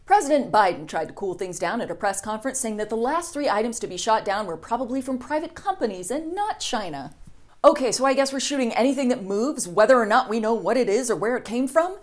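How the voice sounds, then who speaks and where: A woman's voice: fairly high pitch, lively intonation, quick pace. A woman hosting a satirical news monologue, sarcastic and snarky. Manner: sarcastic, snarky, with lots of mock voices. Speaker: news comedy host.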